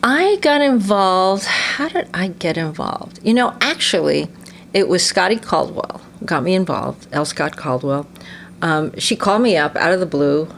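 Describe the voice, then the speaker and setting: A woman's voice: lowish voice, measured pace, vocal fry, a little hiss or hum. A woman in her sixties from the United States, an actress giving an interview and telling stories animatedly, laughing often and acting out what people said. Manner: animated storyteller, laughs often, acts out quotes. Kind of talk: casual interview conversation.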